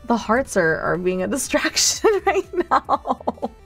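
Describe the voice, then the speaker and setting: A woman's voice: a little high, big pitch swings, slow pace, a bit bright, husky, soft background music. A woman hosting a playful cafe role-play stream, giggling often and talking sweetly to her viewers. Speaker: streamer host.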